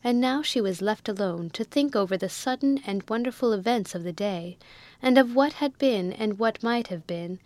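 A woman narrating a classic novel in a measured, even storytelling manner, close to the mic. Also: mid-range voice, dry recording. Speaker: audiobook narrator.

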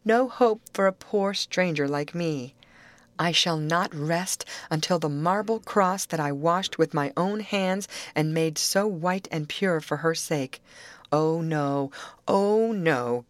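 A woman's voice: fairly low pitch, dry recording, close to an everyday voice. A woman reading as a frail, sorrowful young woman. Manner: vacant, sorrowful, pleading.

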